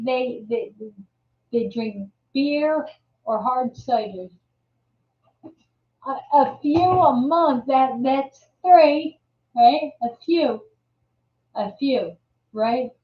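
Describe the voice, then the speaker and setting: A woman's voice: high-pitched, drawn-out words, pauses often. A woman hosting a casual live stream, chatting in a rambling way with many restarts and fillers. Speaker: live show host. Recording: roomy, distant, dull audio.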